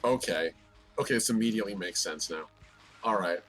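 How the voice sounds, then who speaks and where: A man's voice: lowish voice, brisk, fairly bright tone, soft background music, rough recording. A man chatting casually on a game stream, rambling and laughing easily. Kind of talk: casual gaming chat.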